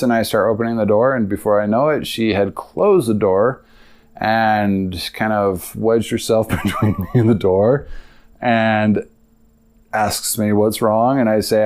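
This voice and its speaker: A man's voice: lowish voice, steady tone, measured pace, darkish tone. A young man hosting a podcast, telling a personal story in a rambling, casual way with lots of asides. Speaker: podcast host.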